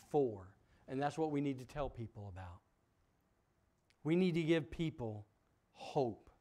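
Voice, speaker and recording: A man preaching a sermon as pastor, emphatic, asking the congregation questions, swinging from loud peaks to quiet drops. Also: medium pitch. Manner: asks the congregation rhetorical questions.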